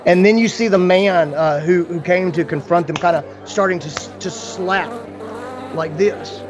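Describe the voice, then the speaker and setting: High-voiced man narrating a tabletop game. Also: highs cut off, background noise. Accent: Southern US. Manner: halting, filler-heavy storytelling. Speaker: dungeon master.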